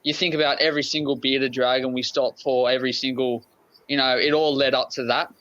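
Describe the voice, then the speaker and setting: This Australian man talks in a relaxed, easygoing way with plenty of fillers, and he sounds enthusiastic about his story. His voice sits in a middle pitch. The audio is dull and lo-fi. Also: brisk. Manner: laid-back, enthusiastic, lots of fillers. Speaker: podcast guest. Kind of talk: casual storytelling.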